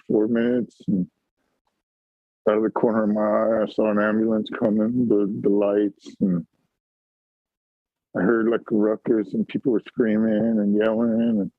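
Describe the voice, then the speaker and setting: A man with a gravelly, husky voice tells a personal story on a call-in stream. His delivery is raw and halting, full of swearing. The sound is dry and tinny, like a phone line on a video call. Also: lowish voice, no room sound. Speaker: call-in panelist.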